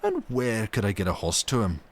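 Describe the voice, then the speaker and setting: Brief: man doing a wily rogue, storybook reading, booming, feigns anger. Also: wildly swooping pitch, a little fast, heavily acted. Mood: gruff angry. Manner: gruff, loud, feigned fury. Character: fierce wily Scottish Highland outlaw man. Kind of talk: audiobook character voice.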